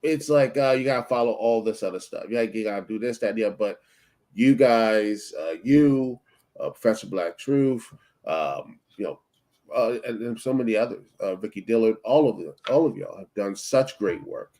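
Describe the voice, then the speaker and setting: A man calling in to a live show, speaking haltingly with many ums and restarts. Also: fairly low pitch, expressive, warm tone. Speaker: caller. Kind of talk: casual chat.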